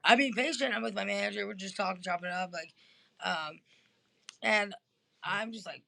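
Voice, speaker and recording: A woman's voice: mid-range voice, moderate pace, vocal fry, sharp tone. A woman telling a long story in casual chat from a hospital room, rambling with many fillers and restarts, heard over a phone or video call. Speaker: interview guest.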